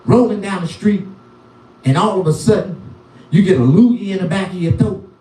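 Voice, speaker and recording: A man's voice: high voice, moderate pace. A middle-aged man doing stand-up comedy, telling profane, rambling stories about his life. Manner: profane, animated, repetitive storytelling. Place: live comedy venue. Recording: echoey room, from far off.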